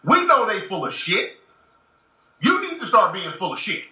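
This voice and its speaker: Commentator, male, slangy and emphatic; bright high voice, far off in an echoey room. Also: big pitch swings, normal speed. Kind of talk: casual monologue.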